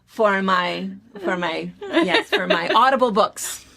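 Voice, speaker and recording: A woman from the United States co-hosting a casual chat show, telling stories in an animated, chatty way. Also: medium pitch, slow pace, vocal fry. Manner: chatty, animated storytelling with laughs. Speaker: co-host.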